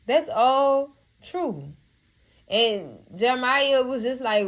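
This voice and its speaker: A woman's voice: on the high side, animated, takes it slowly. A woman hosting a casual TV recap, chatty and heartfelt, calling her viewers cousins and girl. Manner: heartfelt, moved to tears at times. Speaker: TV recap channel host. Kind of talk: casual TV episode recap and review.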